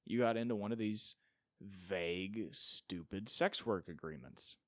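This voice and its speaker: A man's voice: on the low side, a little slow, no room sound, clean studio sound. A young man hosting a solo podcast, ranting with sarcasm and profanity and mocking others in put-on voices. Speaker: podcast host.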